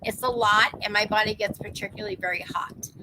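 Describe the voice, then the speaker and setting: A woman's voice: mid-range voice, fairly even intonation, fairly quick, background noise. A chatty woman in her fifties, a psychic medium hosting a casual live-stream talk, who laughs easily and acts out the voices of people she quotes. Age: 50s.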